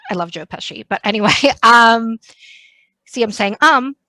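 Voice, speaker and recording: A woman's voice: on the high side, normal speed, bright, forceful tone, no room sound. A woman hosting a podcast, chatty and curious, asking questions with asides and fillers. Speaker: podcast host. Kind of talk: conversational interview.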